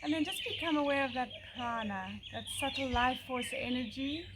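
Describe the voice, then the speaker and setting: A woman yoga teacher giving slow, calm, soothing breathing instructions with pauses. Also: high voice. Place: outdoors by a country lane. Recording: outdoor noise with birdsong. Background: birdsong.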